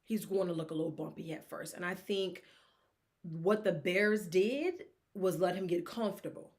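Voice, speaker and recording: A woman hosts a casual sports talk show on her own. She talks in an animated, rambling way and drifts off on tangents. She acts out the reactions of fans as she goes. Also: lowish voice, normal speed. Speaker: sports podcast host.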